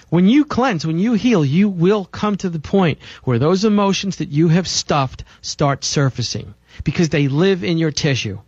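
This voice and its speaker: A male talk-show host delivers an insistent, preachy health monologue and keeps driving his points home. His voice sits a little high. The audio is dull and lo-fi, with a dry, close sound. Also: dry recording. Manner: emphatic, preachy, insistent repetition.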